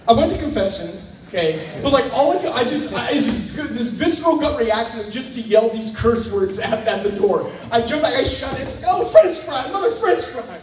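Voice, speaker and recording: A man speaking at a conference, telling a funny personal story to a live audience in an animated, self-mocking way, acting out the scenes. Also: very high voice, fairly quick, few pauses. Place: large conference hall. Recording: echoey hall, voice picked up from a distance.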